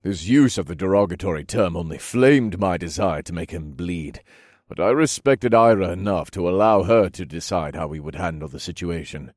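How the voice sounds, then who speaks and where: A man reading a novel aloud in measured first-person narration. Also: low-pitched, no echo, clean studio sound. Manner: steady, measured storytelling. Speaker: audiobook narrator.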